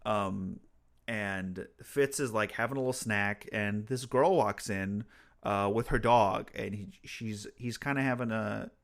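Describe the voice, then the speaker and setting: A man's voice: fairly low pitch, unhurried, gravelly. A man co-hosting a podcast, retelling a book chapter in casual chat with fillers and frequent laughs. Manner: laid-back storytelling, frequent laughs and fillers. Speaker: podcast co-host.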